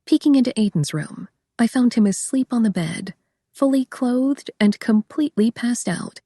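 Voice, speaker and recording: A woman's voice: fairly high pitch, lively intonation, normal speed, dark tone, breathy edge, dry recording, studio quality. A young woman reading a first-person audiobook in a wry, conversational way. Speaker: audiobook narrator.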